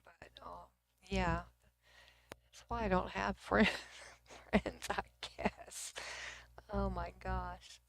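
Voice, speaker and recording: A woman's voice: mid-range voice, flat delivery, takes it slowly, gravelly, pauses often, no room sound. A middle-aged woman from Texas with a Texan accent, hosting a casual livestream and chatting with viewers at her computer, sometimes dropping to a near whisper. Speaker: livestream host. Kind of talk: casual livestream chat reading comments.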